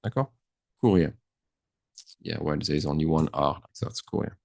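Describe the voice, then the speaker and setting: A man who teaches a grammar lesson. He talks in a chatty way at his computer, thinks out loud and slips words into his English. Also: extremely low pitch, animated, a little slow, creaky, no echo. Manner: chatty, thinks aloud, mixes French into English. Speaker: French teacher. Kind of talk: screen-share grammar lesson.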